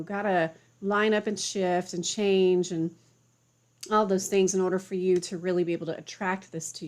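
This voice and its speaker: A young woman giving a casual, chatty spiritual talk to camera, full of fillers like "you know" and "like". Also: lowish voice. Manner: relaxed and chatty, many fillers. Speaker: spiritual teacher.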